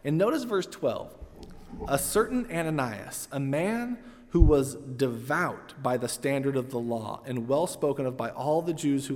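A man of middle pitch preaching a relaxed, explanatory sermon. He talks through the text like a teacher, pausing on fillers. His voice carries a long, lingering reverb. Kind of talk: expository sermon.

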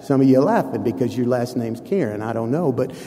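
A man's voice: mid-range voice, expressive, fast talker, mellow. A man preaching a sermon to a congregation, conversational with playful asides to the listeners. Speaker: pastor. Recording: long hall reverb.

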